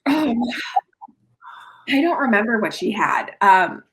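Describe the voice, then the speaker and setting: A woman's voice: on the high side, animated, slow pace, rough recording. A woman client who answers hesitantly, giving short replies in casual conversation.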